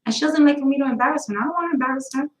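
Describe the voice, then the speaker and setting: This woman's voice sits high, and she races along while chatting casually as host of her live talk stream. Blunt and profane, she rambles through one story after another. The room is echoey and the recording rough.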